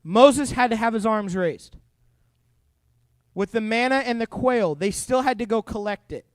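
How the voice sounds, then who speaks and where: A young adult man preaching a youth sermon, animated and jokey, acting out quoted voices. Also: very high voice, measured pace, clean tone, no echo. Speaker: youth pastor. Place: church youth room.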